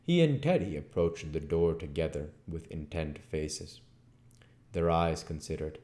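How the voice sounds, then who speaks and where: A man reading a classic novel aloud as audiobook narration. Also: extremely low pitch. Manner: slow, expressive reading. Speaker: audiobook reader.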